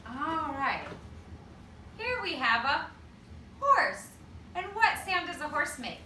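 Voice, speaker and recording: A woman teacher leading circle time for toddlers, talking slowly and encouragingly in a sing-song way. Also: sits high, very animated, bright, forceful tone, echoey room, distant mic, slight background noise. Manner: sing-song, slow and encouraging with small children. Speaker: preschool teacher.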